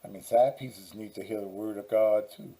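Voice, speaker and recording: Male pastor-host, deep mellow tone, dry and teasing. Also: steady tone, moderate pace, low-quality recording. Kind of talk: casual talk show banter.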